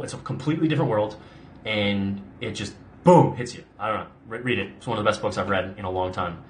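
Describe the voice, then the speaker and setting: A man's voice: on the low side, a bit bright, slight background noise. A young adult man answering viewer questions in a casual live stream, rambling with lots of "like" and restarts. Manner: chatty, rambling, frequent "like" and restarts. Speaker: actor hosting a live Q&A.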